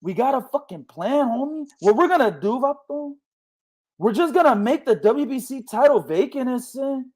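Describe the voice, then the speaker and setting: A man voicing a conspiratorial boxing official who talks in a hushed, coaxing way and sprinkles in Spanish slang. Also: very high voice, animated, normal speed. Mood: scheming.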